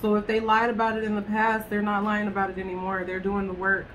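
A woman's voice: medium pitch, monotone, fast, a bit bright, slight background noise. A woman reading tarot cards to camera in a chatty way, talking straight to her viewers and swearing casually. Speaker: tarot reader.

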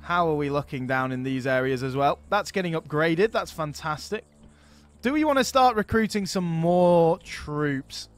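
A man hosting a strategy game let's play, chatting casually and thinking aloud, getting excited over his battles. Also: on the high side, moderate pace, faint music behind. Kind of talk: casual gameplay commentary.

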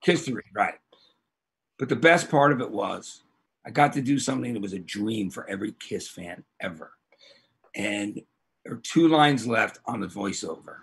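A male podcast host telling excitable, rambling anecdotes with plenty of swearing. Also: fairly low pitch, moderate pace, gravelly, slightly rough. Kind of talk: animated storytelling.

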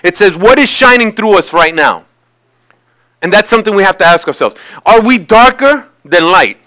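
Man, pastor, sermon in a church, high bright voice, conversational then emphatic. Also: animated, moderate pace. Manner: conversational preaching, rising to emphatic peaks. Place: church sanctuary.

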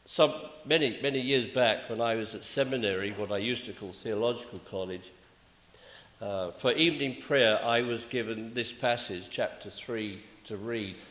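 A man's voice: on the low side, moderate pace, fairly bright tone. A man with a British accent preaching a sermon, with wry humorous asides. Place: church sanctuary. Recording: echoey church from a distance.

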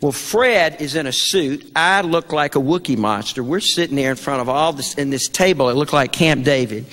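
A man's voice: on the high side, animated, normal speed, fairly bright tone. An older man with a Southern American accent telling a story to an audience, folksy and stammering, a Vietnam veteran speaker. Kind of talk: storytelling speech at an event. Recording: long hall reverb.

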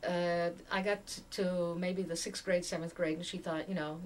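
Older woman telling lively family stories. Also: fairly low pitch, moderate pace. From Tanganyika. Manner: animated storyteller, laughs often while talking. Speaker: oral history interviewee. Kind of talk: oral history interview, storytelling. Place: museum interview room. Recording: distant mic with faint background noise.

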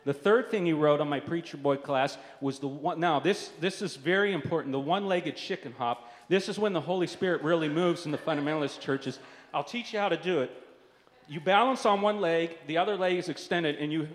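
A man's voice: a little high, a little fast. A man performing stand-up comedy, telling a wry story with lots of asides. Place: live comedy stage. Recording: reverberant hall.

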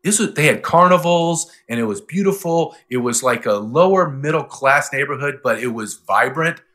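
A man guest in an interview speaks in a bright, forceful voice that swings widely in pitch. He tells his stories with animated emphasis, repeating his key points. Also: normal speed. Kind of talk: interview talk.

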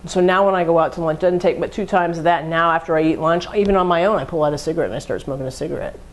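A woman's voice: sits low, very fast. A woman giving a conversational lecture on addiction, walking through everyday examples and acting out the thoughts behind them. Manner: conversational, acts out hypothetical inner thoughts. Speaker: addiction educator. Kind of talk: classroom lecture.

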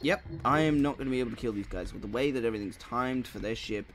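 Sleepy and yawning at times, this young man plays a video game while muttering, swearing heavily and venting frustration in a casual let's play commentary. He talks fast in a medium-pitched voice, with music in the background.

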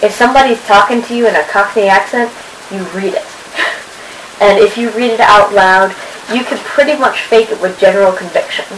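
A woman's voice: mid-range voice, normal speed, a bit bright, low-quality recording. A woman talking casually to her camera, chatty and rambling as she looks through old papers. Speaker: vlogger. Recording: audible background noise.

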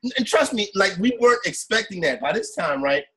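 A man's voice: high voice, lively intonation, brisk, sharp tone, breathy edge, low-quality recording. A man co-hosting a sports podcast, talking casually about football betting in a rambling way, often asking "you know what I'm saying". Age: adult with kids. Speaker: podcast co-host.

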